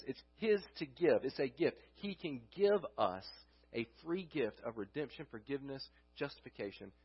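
Male pastor, mid-range voice, breathy edge; conversational sermon delivery on a dull church recording. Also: mid-range voice. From United States. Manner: conversational preaching with rhetorical questions and restarts. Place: church sanctuary.

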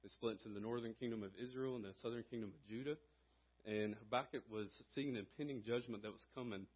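Earnest husky-voiced preacher, lo-fi. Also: male voice, on the low side, fairly even intonation, fast. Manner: earnest, rising in volume when reading and exhorting. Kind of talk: sermon with scripture reading and prayer. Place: church sanctuary.

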